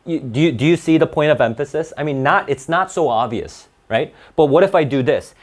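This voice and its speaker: A man's voice: fairly high pitch, expressive, fairly quick. A man teaching a grammar lesson to a class, restarting words often and checking in with "right?".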